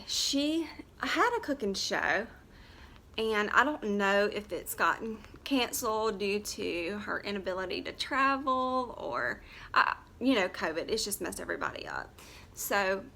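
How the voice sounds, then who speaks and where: A woman's voice: medium pitch, fairly bright tone, a little hiss or hum. A woman, chatting in a rambling, blunt way while doing her makeup on camera. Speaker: makeup vlogger and nurse. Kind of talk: casual makeup tutorial chat.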